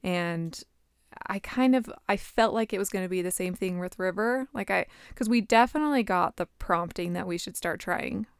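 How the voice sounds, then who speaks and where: A young woman talking candidly in a casual conversation, her voice smooth and clear at a middle pitch. She often pauses and restarts as she searches for the right words. The sound is close and dry, with no room echo. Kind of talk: casual chat.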